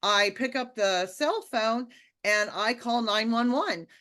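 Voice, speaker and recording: A woman telling a personal story in a casual, animated way, with lots of fillers and restarts. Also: a little high, slow pace. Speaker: speaker sharing a personal testimony.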